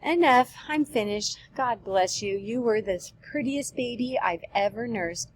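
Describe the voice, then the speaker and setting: A woman's voice: mid-range voice, a little slow, darkish tone, a little hiss or hum, lightly acted, low-quality recording. A woman voicing a talkative, fond old nurse who rambles and repeats herself, reading a play aloud. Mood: rambling.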